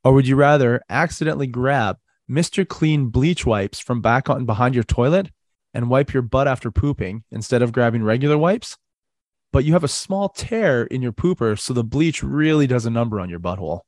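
A man's voice: medium pitch, lively intonation, normal speed, a little mellow, dry recording. Teasing male podcast host, dry sound. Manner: teasing, laughs often, sets up crude hypotheticals. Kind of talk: casual podcast chat.

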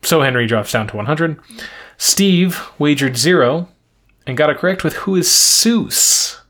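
A man's voice: on the high side, a little slow. Man recapping quiz show scores. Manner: relaxed, recaps scores and clues in detail. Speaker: podcast co-host. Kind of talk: casual game-show recap chat.

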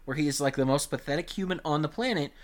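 A man's voice: fairly high pitch, fast talker. A man co-hosting a podcast, talking in a thoughtful, analytical way. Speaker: podcast co-host. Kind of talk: casual podcast chat.

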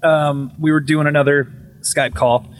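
A young man telling a ghost story in casual podcast chat, animated and swearing, often stopping to restart a phrase and jumping up in pitch when he quotes himself. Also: measured pace.

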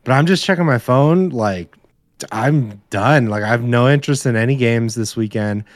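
A man's voice: medium pitch, moderate pace, no echo. A young man, co-host of a podcast, chatting bluntly and casually about sports and his weekend, swearing freely.

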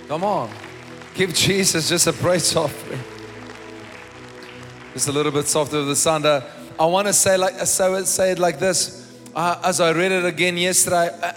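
Guy preaching w/ a high voice, lots of repeating for emphasis, long hall echo + soft music behind. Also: steady tone, moderate pace. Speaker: pastor. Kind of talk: sermon. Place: church hall.

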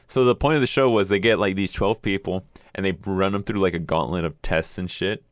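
A man with a very deep voice chats casually on a podcast, rambling through stories with frequent fillers and swearing. The sound is dry and close, with no room echo. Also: a little fast. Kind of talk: casual chat.

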